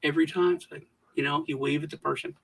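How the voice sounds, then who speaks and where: A man co-hosting a casual stream, talking in a loose, rambling way full of restarts and fillers. His voice is slightly high and husky. He wanders from one thought to the next as he tells his stories. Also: steady tone, fast, a bit bright, distant mic, poor audio. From United States. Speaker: livestream co-host. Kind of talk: casual chat.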